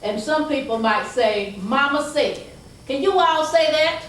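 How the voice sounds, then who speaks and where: A woman's voice: high-pitched, animated, fairly bright tone. A woman with a Southern American accent telling family stories to an audience, folksy and emphatic, drawing listeners into call-and-response. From southern United States. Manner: call-and-response, emphatic, folksy, stretches key phrases slowly. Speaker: storyteller. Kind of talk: oral family storytelling to an audience. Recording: very echoey hall, distant voice, faint background hum.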